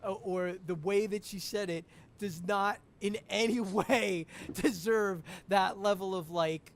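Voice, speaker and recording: A man chatting as a podcast guest over a call, animated, laughing often and restarting his sentences. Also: high-pitched, unhurried, a little hiss or hum. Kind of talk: casual podcast chat.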